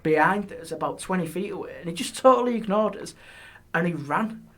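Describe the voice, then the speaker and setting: A man, a guest on a podcast, telling ghost stories in a lively way and dropping his voice on eerie details. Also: sits high, brisk. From England. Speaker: guest, paranormal historian. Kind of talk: casual storytelling. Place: podcast studio.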